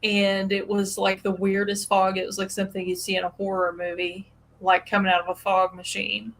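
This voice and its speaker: This is a woman with a twang, chatting as the host of a loose, friendly conversation. She tells animated stories, padding them with "like" and "you know" and laughing along the way. Her voice sits at an ordinary middle pitch. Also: a little fast, gravelly, a little hiss or hum, low-quality recording. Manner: animated storyteller with frequent laughs and fillers. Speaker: podcast host. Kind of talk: casual chat.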